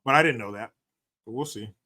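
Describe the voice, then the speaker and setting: A man's voice: medium pitch, brisk, pushed and bright. A man hosting a casual livestream, reading out viewer donations and answering them in a blunt, profane, joking way. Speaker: livestream host.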